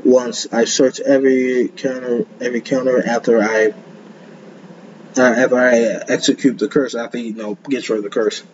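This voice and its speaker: A man's voice: mid-range voice, little pitch movement, moderate pace, dull audio, slight background noise. A man giving casual reaction commentary in a rambling, stumbling way, repeating words and chuckling often.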